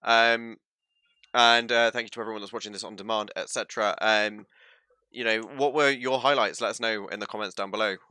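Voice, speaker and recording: A man's voice: on the low side, steady tone, brisk, sharp tone, no echo. A man hosting a gaming stream, chatty with lots of ums and mock-dramatic asides. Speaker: host wrapping up the stream. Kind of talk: casual livestream sign-off.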